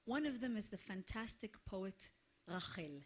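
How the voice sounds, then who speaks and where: A woman's voice: medium pitch, animated, a little slow, breathy edge. A woman, a singer talking between songs to a live concert audience in a playful, effusive way. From Israel. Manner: effusive and playful, laughing and gushing to the crowd.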